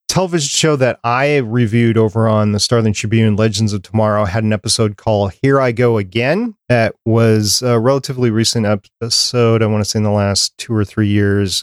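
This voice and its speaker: A man's voice: fairly low pitch, steady tone, fairly quick, clear, resonant tone, no room sound, studio quality. A man hosting a podcast, chatting casually as he works through a prepared list. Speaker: podcast host.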